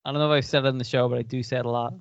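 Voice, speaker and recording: A man with an Irish accent chatting casually as a podcast co-host, rambling in an animated way. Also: medium pitch, rapid-fire, dry recording, dull audio. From Ireland. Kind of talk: casual chat.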